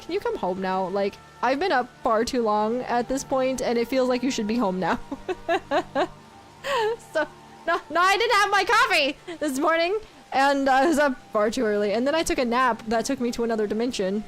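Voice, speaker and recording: High-voiced giggly woman streamer. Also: animated, normal speed, fairly bright tone, faint music behind. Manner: chatty, giggly, reads chat aloud. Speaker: game streamer. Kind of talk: casual livestream chat.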